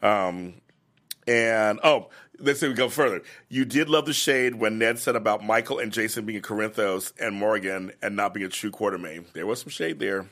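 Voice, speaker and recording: A man's voice: on the low side, normal speed, a bit bright. A man hosting a fan aftershow, chatting casually and emotionally about the week's episodes, with many fillers and restarts. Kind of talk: casual chat recapping episodes.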